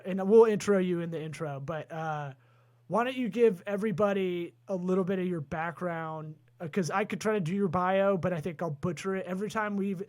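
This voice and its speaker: A man hosting a comedy business podcast, joking loudly as he rattles through sponsor reads. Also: high-pitched. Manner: loud, joking, rapid-fire ad reading. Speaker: podcast host.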